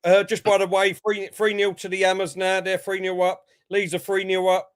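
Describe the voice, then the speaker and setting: A man's voice: sits high, monotone, moderate pace, smooth. A man co-hosting a football watchalong, pushing back in an argument and then reading out the latest scores. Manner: defensive, repeats short replies. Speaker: watchalong co-host. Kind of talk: football fan chat and score updates.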